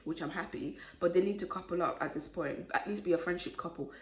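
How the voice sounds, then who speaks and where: A woman, talking casually and opinionatedly to camera, getting animated and indignant as she rants. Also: lowish voice. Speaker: vlogger recapping a reality show. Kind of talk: casual chatty recap rant. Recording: echoey room.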